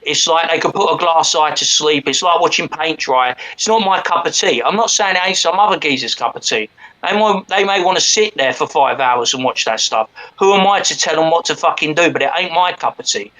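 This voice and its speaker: High, bright London man; sweary, rambling co-host banter. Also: animated, brisk, poor audio. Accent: London English. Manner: swearing, rambling, cockney slang. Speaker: stream co-host. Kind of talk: casual stream chat.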